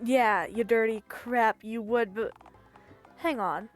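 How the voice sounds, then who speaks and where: A woman's voice: fairly high pitch, fairly even intonation, slow pace, soft background music. Woman doing a sleazy, smarmy male caller. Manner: smarmy, calls people pet names.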